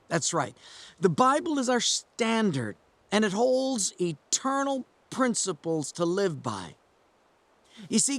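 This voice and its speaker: A male pastor gives an earnest sermon that leans on storytelling. His voice moves animatedly, rising and falling, and sits a bit high. The sound is dry and close. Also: dry recording.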